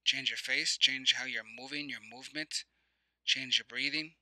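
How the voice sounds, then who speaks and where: A man's voice: mid-range voice, fairly even intonation, normal speed, pushed and bright, no echo, low-quality recording. A man giving a motivational teaching talk, guiding listeners through reflective questions and breathing cues in a conversational, repetitive way. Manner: conversational with many fillers and restarts. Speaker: motivational coach.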